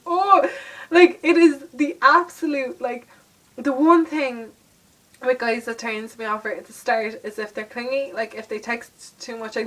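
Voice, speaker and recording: A woman's voice: fairly high pitch, distant mic, low-quality recording. A young Irish woman vlogging, telling a story casually to camera with lots of fillers and laughter.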